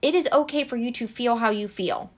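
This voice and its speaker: A woman's voice: a little high, brisk. A woman talking casually to camera about emotional support, earnest and conversational, with acted-out examples.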